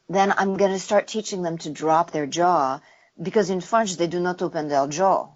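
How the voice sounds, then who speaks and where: A woman voice actor explains how accents work in a relaxed interview, breaking into little sound demonstrations as she goes. Her voice sits a bit low, and the recording is slightly dull and muffled. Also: moderate pace. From United States. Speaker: voice actor and dialect coach, guest.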